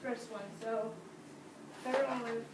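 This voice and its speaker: Female music teacher, bright classroom energy, higher voice, distant noisy echoey recording. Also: normal speed. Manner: lively, sing-song demonstrations with frequent laughs. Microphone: distant camera mic.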